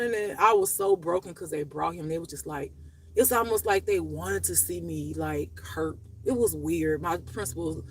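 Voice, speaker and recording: Woman, gravelly voice, profane, rambling personal storytelling. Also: low-pitched, poor audio. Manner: raw, profane, emotional, rambling. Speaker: spiritual life teacher.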